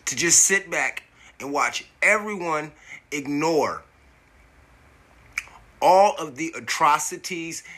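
Podcast host, male, fired-up profane rant, high bright voice, stammers as anger builds. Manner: indignant, profane, repeats words when worked up. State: coughing from smoking. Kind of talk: angry monologue.

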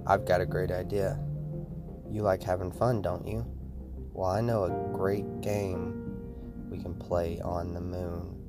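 A quiet, raspy voice that lives inside a child's head, as a man puts it on for a spoken horror story. It is deep and coaxing, soothing and friendly on the surface but quietly manipulative underneath. Music plays behind it. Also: level tone, a little slow. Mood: cheerful.

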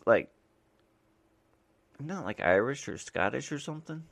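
A man's voice: fairly low pitch, huge pitch swings, measured pace, gravelly, long pauses, a bit bright. A man from the United States, a mailman and podcast host, rambling casually with lots of fillers and restarts.

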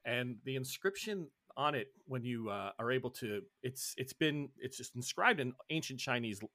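A man's voice: mid-range voice, lively intonation, moderate pace, bright, forceful tone, no room sound. A man from the northeastern United States running a tabletop horror game as game master, rambling and playful, with many fillers and restarts.

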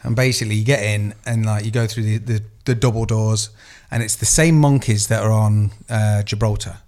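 A man's voice: lowish voice, fairly even intonation, brisk, a little mellow. A man in his thirties, a podcast co-host telling rambling anecdotes in casual chat and swearing freely.

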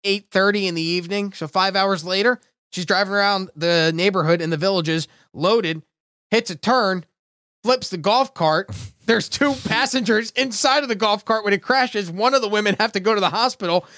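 A man hosting a casual comedy radio show, telling stories fast and laughing often. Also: high-pitched, no room sound, clean studio sound. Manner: fast, laughing, animated storytelling.

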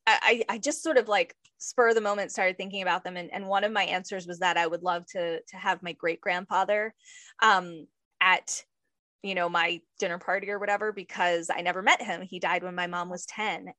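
A woman's voice: lowish voice, steady tone, fairly quick, pushed and bright, no echo. Effusive woman hosting a podcast, dry sound. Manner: effusive, enthusiastic. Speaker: podcast host. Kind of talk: casual interview chat.

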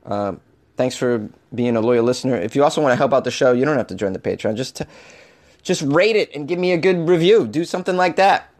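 A man hosting a solo comedy podcast, animated and over-caffeinated, swinging from loud jokes to muttered asides. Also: mid-range voice, quick pace. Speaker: podcast host.

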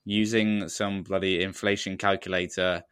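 A podcast co-host with a low, fairly flat voice talks at an ordinary pace in a fairly bright, clean tone. The recording is clean studio sound with no room echo. He chats casually, rambling and poking fun at himself, laughing often.

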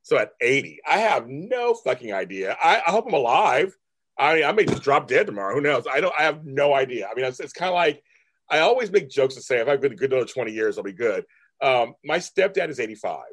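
A man's voice: a little high, sing-song, a little fast, a bit bright. A man in his fifties, a guest artist talking candidly in an interview, blunt and profane, mimicking his family in raised voices. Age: 50s. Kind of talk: candid casual interview talk.

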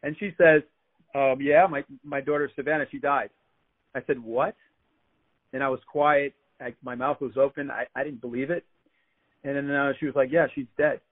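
A man's voice: medium pitch, level tone, normal speed. Man on a tinny phone line. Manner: chatty, repeats words while telling anecdotes. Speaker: guest. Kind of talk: casual storytelling on a radio talk show. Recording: phone line into a radio show.

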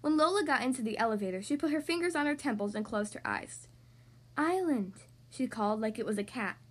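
A woman narrating a children's storybook aloud with expressive, clear delivery. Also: on the high side, fast talker.

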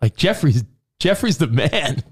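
Animated, opinionated male co-host. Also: fairly high pitch, measured pace, breathy edge. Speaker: podcast co-host. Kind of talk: casual chat.

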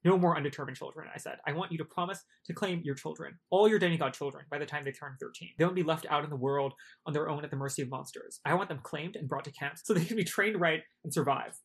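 A podcaster reading aloud as a defiant teenage boy hero narrating his own story, in a husky, plain voice. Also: mid-range voice, fast, hardly any pauses.

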